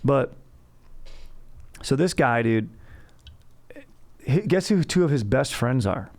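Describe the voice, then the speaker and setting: A man's voice: medium pitch, animated, slow pace, darkish tone. A man hosting a comedy history podcast, telling the story in a rambling, slangy way. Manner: rambling, slangy, laughs at his own jokes. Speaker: podcast host.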